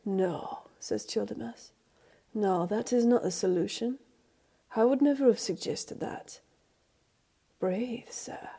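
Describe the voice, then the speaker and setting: A woman voicing a calm, firm male servant who speaks in a steady, reassuring way. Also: medium pitch, slow, creaky, pauses often, breathy edge, heavily acted.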